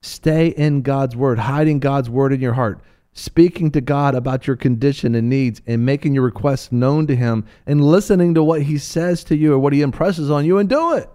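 Animated and playful, a man with a mid-range voice teaches from the Bible in a preaching talk, acting out the voices of biblical figures.

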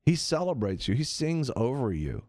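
A man's voice: medium pitch, very animated, normal speed, a little mellow. A man preaching conversationally, earnest and repetitive, sometimes acting out the voices he quotes. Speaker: preacher on a radio show.

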